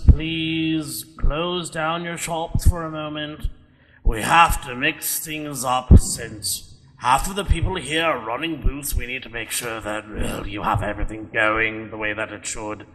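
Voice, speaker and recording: A man's voice: fairly low pitch, a little slow, creaky, bright, forceful tone, breathy edge, heavily acted. A man voicing a curt, businesslike male dwarf organizing a fair. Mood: announcing. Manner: curt, dismissive.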